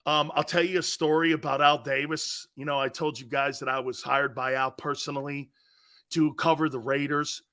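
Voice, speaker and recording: Forceful, animated sports talk host. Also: male voice, a little high, normal speed, clear, resonant tone. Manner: animated storytelling, rambling asides. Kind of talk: live sports talk show.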